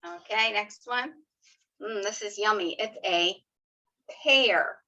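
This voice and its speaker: A woman teaching young children letter sounds in an online lesson, slow and encouraging, sounding out each letter. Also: medium pitch, pushed and bright. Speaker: kindergarten teacher. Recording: slightly dull lo-fi video audio.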